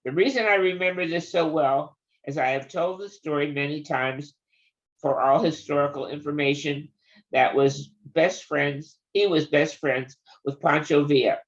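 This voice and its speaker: A woman's voice: low-pitched, fairly even intonation, moderate pace. An older woman reading a family story aloud in a wry, conversational manner. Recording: dull lo-fi recording.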